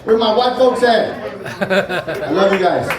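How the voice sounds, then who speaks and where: A stand-up comic in his forties works a comedy club stage with a loose, profane set, chatting with the crowd between bits. His high-pitched voice is expressive and unhurried. The recording is echoey and distant, with audience laughter throughout.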